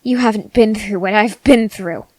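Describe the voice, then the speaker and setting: A woman voicing an arrogant, unhinged young male cult leader in a whispered role-play, slow and intense, swinging between whispers and sharp outbursts. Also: medium pitch, no echo, close to an everyday voice, rough recording. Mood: haughty. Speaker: ASMR voice actor.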